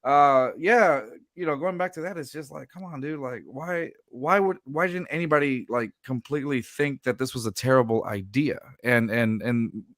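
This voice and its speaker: A man's voice: mid-range voice, normal speed, hardly any pauses, a bit bright, no echo, studio quality. A man hosting a casual sports podcast, rambling and restarting sentences, laughing often. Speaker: podcast host.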